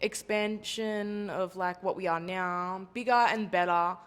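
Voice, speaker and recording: A woman's voice: mid-range voice, steady tone, a little slow, clean tone. Giggly young Australian woman chatting. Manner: giggly, rambling, lots of fillers. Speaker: podcast co-host. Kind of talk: casual chat.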